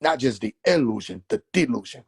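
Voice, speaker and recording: A man putting on his father's voice, a solemn older man making slow, earnest, preacher-like pronouncements. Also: mid-range voice, sing-song, gravelly, slightly rough, no room sound, studio quality, voice pushed down, exaggerated voice.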